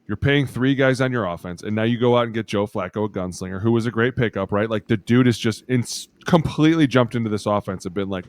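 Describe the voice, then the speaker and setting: Talking fast with few pauses, this man's fairly low voice comes through with no echo. He's a former lineman co-hosting a football podcast, full of profane storytelling and acted-out quotes.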